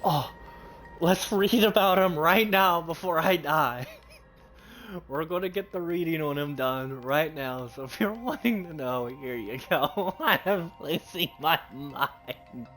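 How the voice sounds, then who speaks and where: A streamer doing chatty, rambling live gameplay commentary that turns excitable. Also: medium pitch, takes it slowly. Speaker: game streamer. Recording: loud game music underneath.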